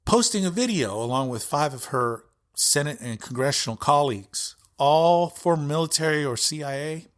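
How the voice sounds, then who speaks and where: A man's voice: fairly high pitch, fairly bright tone. A male podcast host giving an impassioned, profane political rant with heavy emphasis.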